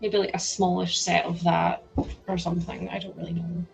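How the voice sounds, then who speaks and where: A young woman hosting a live stream, chatting excitedly and laughing as she builds a toy set. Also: fairly low pitch, normal speed, creaky, breathy edge, soft background music. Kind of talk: casual chat while building a toy set.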